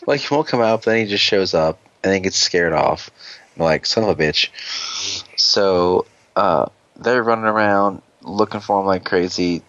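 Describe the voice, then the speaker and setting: A man's voice: sits low, normal speed, fairly bright tone, dry recording, highs cut off. A man hosting a podcast, casually recapping an episode in a rambling, joking way with plenty of swearing. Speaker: podcast host.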